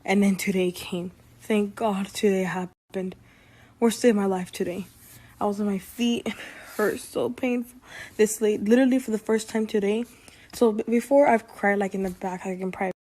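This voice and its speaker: A woman's voice: mid-range voice, fairly even intonation, moderate pace, warm tone. Young woman, casual vlogger, rambling anecdote, lots of "like" fillers. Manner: rambling, heavy use of "like". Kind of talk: casual storytelling vlog.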